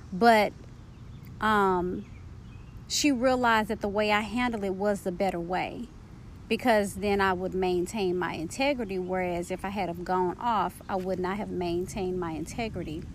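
A woman hosting a podcast, talking candidly about painful events in a searching, personal way with casual slang, and reading a book passage aloud slowly. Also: medium pitch, a little hiss or hum. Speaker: podcast host. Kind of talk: personal reflective monologue.

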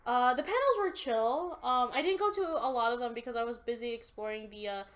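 A young woman hosting a podcast, casually telling an animated story and swearing often. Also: on the high side, brisk. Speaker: podcast host. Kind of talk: casual chat.

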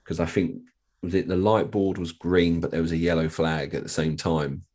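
A man with a flat, monotone way of talking, chatting casually as a podcast guest. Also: deep voice, normal speed, crowd noise. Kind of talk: casual chat.

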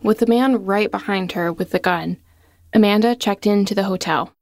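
A woman delivers scripted documentary narration, moving along in a steady, even tone. The voice is mid-pitched and recorded close and dry. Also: normal speed, dry recording.

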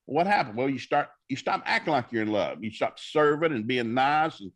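A man with a medium-pitched, slightly bright voice speaks at a normal pace with animation. He's a minister appearing as a talk-show guest, spinning folksy, preacherly stories and acting out the people he quotes.

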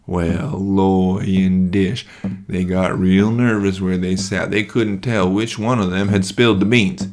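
A man hosting a children's podcast, telling a bedtime-style story in a relaxed, folksy way. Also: low-pitched, a little slow, a little hiss or hum. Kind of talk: storybook narration.

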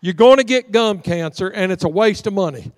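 A man's voice: high voice, lively intonation, fairly quick, no room sound, big-room sound. A middle-aged man preaching a storytelling sermon in a church sanctuary, acting out the voices in his folksy stories. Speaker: pastor.

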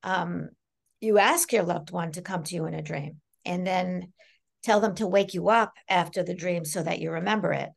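Gravelly-voiced middle-aged woman. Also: on the low side, moderate pace. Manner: animated, laughs often, acts out quoted voices. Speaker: psychic medium guest. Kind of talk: casual podcast interview.

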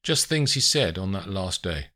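A man's voice: sits low, very animated, moderate pace, pushed and bright, full character voice. A man voicing a terse, guarded businessman. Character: guarded businessman, evasive and curt. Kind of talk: audiobook character voice.

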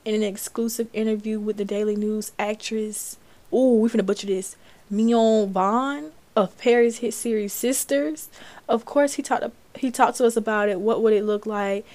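A woman's voice: medium pitch, steady tone, moderate pace, darkish tone. A young woman from Florida hosting a podcast, chatting casually about celebrity news, reading articles aloud and reacting. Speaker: podcast host. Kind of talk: casual commentary.

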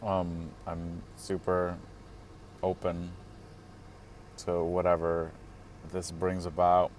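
A man with a very low, deep voice rambles through a casual monologue from the seat of his parked car. He stretches his words and leans on fillers, breaking into small chuckles now and then, while faint traffic and car noise hums in the background. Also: monotone, takes it slowly, darkish tone. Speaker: vlogger.

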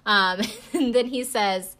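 A chatty woman with a slightly high voice talks her way through a casual recap. Her speech is loose and full of "like" and "um" fillers, as a podcast host would sound telling friends what happened. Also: slow pace, bright, forceful tone. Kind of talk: casual chat.

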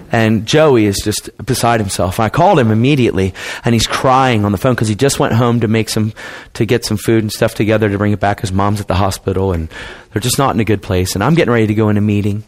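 A man preaching a testimony sermon in a casual, conversational way, acting out the people in his stories in dialogue. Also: on the low side. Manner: acts out quoted people in dialogue.

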